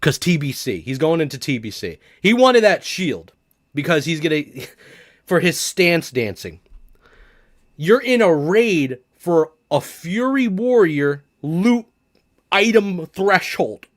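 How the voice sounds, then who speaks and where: A young man livestreaming a game, talking casually and excitably, laughing a lot and swearing freely. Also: fairly high pitch, takes it slowly, no echo, studio quality. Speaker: streamer. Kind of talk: casual live-stream reaction commentary.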